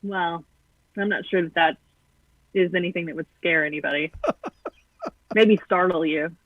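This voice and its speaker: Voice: medium pitch, steady tone, measured pace, no echo. A guest commentator calling in, blunt and sarcastic, with frequent ums. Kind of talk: political commentary over the phone. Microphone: phone call. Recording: tinny phone line, dry.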